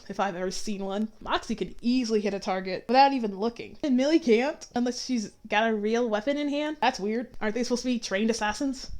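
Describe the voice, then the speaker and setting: A woman talks through her thoughts in a relaxed, chatty review. Her opinions are blunt, and she drops dry sarcastic asides. Her voice sits a little on the high side. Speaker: YouTube reviewer. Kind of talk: casual review commentary.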